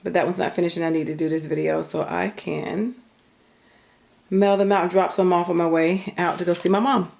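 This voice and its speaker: Chatty middle-aged woman, gravelly lowish voice. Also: fairly even intonation, fairly quick, darkish tone. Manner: chatty, rambling, filler-heavy. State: a bit out of breath. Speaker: craft YouTuber. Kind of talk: casual show-and-tell vlog. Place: at home craft table, behind the camera.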